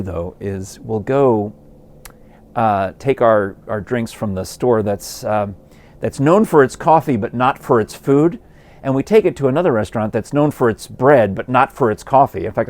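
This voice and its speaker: Rambling male podcast host, lively pitch. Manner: rambling, amused, many fillers. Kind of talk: casual storytelling. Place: home porch.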